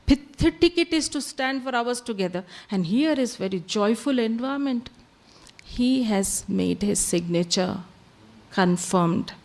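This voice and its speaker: A woman's voice: high voice, darkish tone. A woman, giving a spiritual talk full of chatty stories and dropping Hindi phrases into her English. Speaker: spiritual speaker. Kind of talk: storytelling talk.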